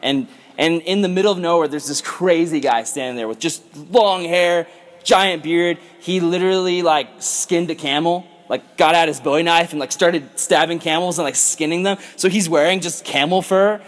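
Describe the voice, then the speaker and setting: Excitable youth pastor with a high voice. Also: male voice, normal speed. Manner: animated and chatty, with lots of "like" and acted-out voices. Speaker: youth pastor leading a Bible study. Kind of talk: casual Bible study teaching.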